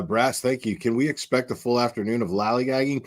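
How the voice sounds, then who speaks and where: A man commenting live on a trial in an offhand, mocking way, swearing freely. His pitch sits at an ordinary middle level, and he talks between bites of lunch. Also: a little fast. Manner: blunt, profane, mocking.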